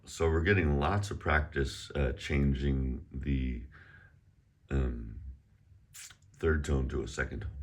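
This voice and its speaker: A middle-aged man with a bass voice teaches a casual online Chinese lesson, chatty and relaxed, slowly drawing out the tones as he models them.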